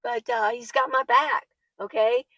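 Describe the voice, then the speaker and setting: A woman's voice: fairly high pitch, steady tone, unhurried, pushed and bright, slight background noise, poor audio. A woman, older, talking casually to camera and answering viewer comments, chatty and laughing often, sometimes getting worked up. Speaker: van-life vlogger. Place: living in her minivan.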